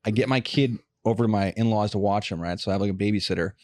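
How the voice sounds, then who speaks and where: A man hosting a podcast, telling long profane stories in casual chat. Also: on the low side. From Los Angeles area. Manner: profane, fast storytelling rants. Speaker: podcast host.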